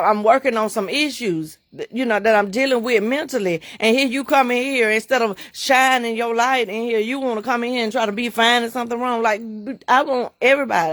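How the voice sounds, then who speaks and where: A middle-aged woman preaches on a livestream with a fairly high voice. She talks in emphatic, repetitive bursts and laughs often. The sound is dry, with no room echo. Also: a bit bright. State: emotional, near tears. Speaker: livestream host and bookstore owner.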